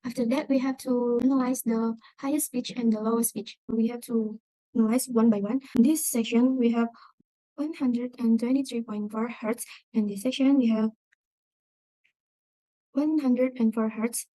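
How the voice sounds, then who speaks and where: On the high side and warm, a young woman's voice stays steady at normal speed as she presents her exam project via screen recording. Indonesian is her first language, and she carefully reads numbers out step by step. The recording has no room sound but is low quality.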